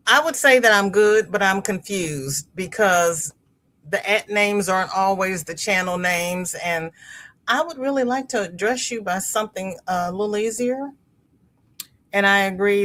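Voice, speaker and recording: A crochet livestream host talks a little slowly in a medium-pitched, fairly bright voice. She reads viewer comments aloud in casual live chat, often laughing and repeating words.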